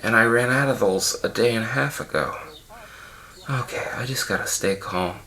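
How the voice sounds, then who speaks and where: A man's voice: mid-range voice, normal speed, crowd noise, natural voice. A man playing a queasy, pompous art-film director. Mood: rambling. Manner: rambling, self-important, panicky. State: unwell and dizzy. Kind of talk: improvised comedy commentary track.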